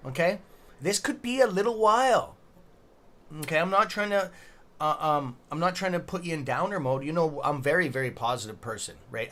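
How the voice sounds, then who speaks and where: A man's voice: a little high, a bit bright. A middle-aged man casually hosting a live stream, reading chat aloud and bantering with loose swearing. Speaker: livestream trading host.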